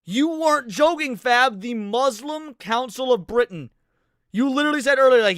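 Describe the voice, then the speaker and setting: A man's voice: very high-pitched, animated, normal speed, fairly bright tone, no echo, clean studio sound. A man hosting a casual commentary show, making sarcastic, mocking asides and answering questions from chat. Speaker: host.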